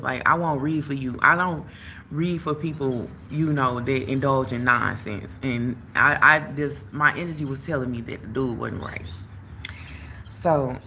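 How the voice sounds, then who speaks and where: A young woman hosting a livestream, telling a story in a casual, animated way straight to her viewers. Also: low voice, a little hiss or hum. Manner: animated, talks straight to viewers, lots of "like" and "you know". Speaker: tarot reader and livestream host. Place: outdoors at work, phone livestream.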